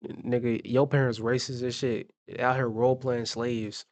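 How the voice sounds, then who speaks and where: A man's voice: medium pitch, level tone, normal speed, dry recording. A man hosting a reaction video, talking casually in blunt, profane asides and repeating his fillers.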